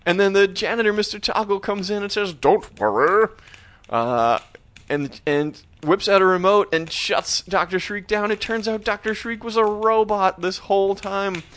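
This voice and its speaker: A man co-hosting a podcast, recapping an episode in casual chat, animated and joking. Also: high voice, moderate pace. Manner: animated, joking, acts out scenes with voices. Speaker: podcast co-host.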